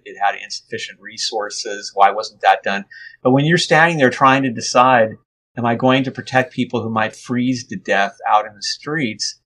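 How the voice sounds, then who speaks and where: Low-voiced man telling a story. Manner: relaxed, rambling, frequent restarts and fillers. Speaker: interview guest. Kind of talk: conversational storytelling.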